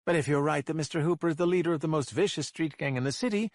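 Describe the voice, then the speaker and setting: Man doing a tired lady judge, higher voice, no-nonsense, dry read. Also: a little mellow, dry recording, close to an everyday voice. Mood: impatient. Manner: brisk, firm, no-nonsense. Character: impatient female judge, tired and firm.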